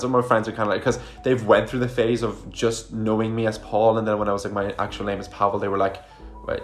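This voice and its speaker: Chatty young man with a low voice. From Ireland. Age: young adult. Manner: chatty, frequent fillers and asides. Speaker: vlogger. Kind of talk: casual storytime chat.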